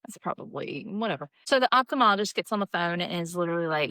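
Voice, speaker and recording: A woman, a nurse practitioner co-hosting a podcast, telling a story with animated acted-out quotes. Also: fast, dry recording. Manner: animated, acts out quotes with big pitch jumps. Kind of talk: casual storytelling chat.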